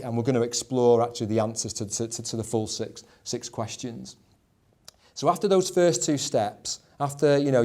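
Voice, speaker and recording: A man's voice: mid-range voice, a little mellow. A man leading a discussion on leadership as a schools executive director, often stumbling over repeated words and filling with "you know".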